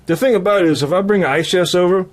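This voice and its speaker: A man's voice: sits high, rapid-fire. A man co-hosting a podcast in casual chat, laid-back and profane. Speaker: podcast co-host.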